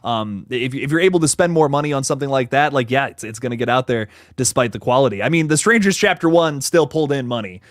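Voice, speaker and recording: A man's voice: medium pitch, fast, few pauses, dry recording, studio quality. A young man hosting a live stream, reading chat and rambling cheerfully with many restarts and fillers. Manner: upbeat, thanks viewers by name. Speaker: horror channel host reading live chat. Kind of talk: casual livestream chat.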